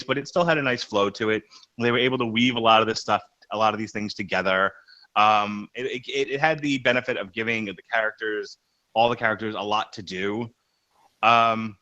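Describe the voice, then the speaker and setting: On a muffled recording, a man with a fairly low voice co-hosts a comics podcast. His casual talk is animated and rambling, full of restarts.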